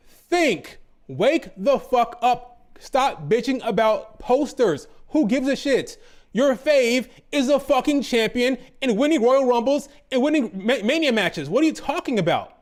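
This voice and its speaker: Man with a high voice, exasperated profane ranter, sarcastic, heated commentary. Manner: profane, exasperated ranting with sarcastic mock quotes. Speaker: wrestling commentator. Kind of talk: ranting commentary.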